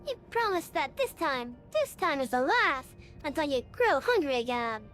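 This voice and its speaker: Lady voicing a bitter old kobold chief in a game, super high and swinging, hurls insults, soft music under it. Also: big pitch swings, normal speed. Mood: furious. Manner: accusing, spits out insults. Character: furious old male kobold patriarch, bitter leader. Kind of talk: video game cutscene acting. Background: faint music score.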